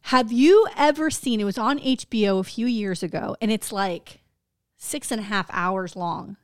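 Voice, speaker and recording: A woman's voice: mid-range voice, moderate pace, clear, resonant tone, no echo, studio quality. A woman co-hosting a podcast in casual chat, laughing often and swearing freely as she retells scenes. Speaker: podcast co-host.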